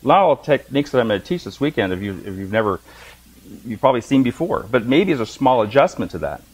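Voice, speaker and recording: A middle-aged man teaches a class of massage therapists, talking at a brisk clip. He tells stories with humor and acts out the voices of people in them. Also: medium pitch, sing-song, husky, low-quality recording. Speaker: massage instructor. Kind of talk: lecture to a class.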